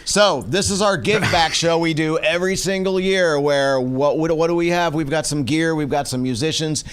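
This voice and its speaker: A man's voice: fairly high pitch, moderate pace, a bit bright, clear, resonant tone. A middle-aged man co-hosting a show, easygoing and bantering in casual chat. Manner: easygoing, bantering, laughs readily. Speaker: co-host.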